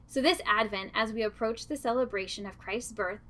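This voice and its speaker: A woman, a religious sister, giving a gentle, earnest devotional reflection. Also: on the high side, a little fast.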